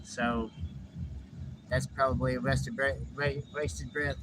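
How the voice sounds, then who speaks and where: A man's voice: mid-range voice, level tone, takes it slowly, background noise. A man, livestreaming in a loose, rambling way, cussing casually and repeating himself, talking from inside a vehicle. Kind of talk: casual live stream chat.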